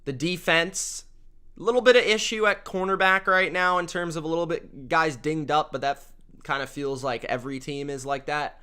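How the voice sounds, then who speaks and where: A young man hosting a casual sports picks show, excitable and repeating himself for emphasis. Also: fairly high pitch, normal speed, clean tone. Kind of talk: casual sports prediction talk.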